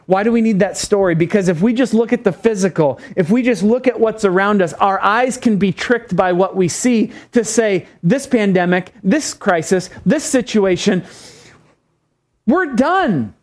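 Male pastor, high voice, emphatic, repetitive sermon delivery. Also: normal speed, hardly any pauses. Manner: emphatic, repeats phrases and calls for amens.

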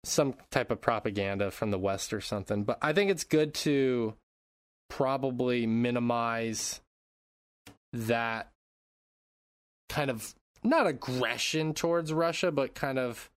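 A young man hosts a loose podcast chat, rambling through his thoughts, laughing often, and swearing casually. His voice sits at an ordinary pitch in a dry, close recording with no room echo. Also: a little slow. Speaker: podcast host. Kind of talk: casual chat and episode recap.

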